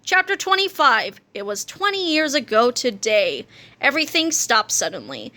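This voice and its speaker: A woman narrating a children's book aloud in an expressive reading voice. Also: fairly high pitch, normal speed.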